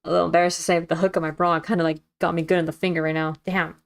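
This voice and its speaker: A woman's voice: on the low side, little pitch movement, racing, gravelly. A young woman reacting casually while reading a game aloud, candid and self-deprecating, swearing freely. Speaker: let's-read streamer.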